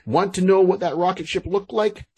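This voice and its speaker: A man's voice: sits high, moderate pace, slightly rough. A man co-hosting a podcast, chatting casually about a movie and acting out its dialogue. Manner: lively, acts out movie dialogue. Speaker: podcast co-host. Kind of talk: casual chat.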